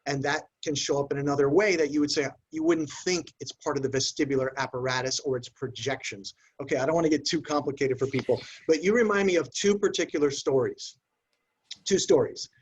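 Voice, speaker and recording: A man with a husky voice pitched a little high explains clinical points calmly. He is a clinician who tells patient stories in a measured, explanatory way. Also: muffled recording. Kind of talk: casual professional discussion.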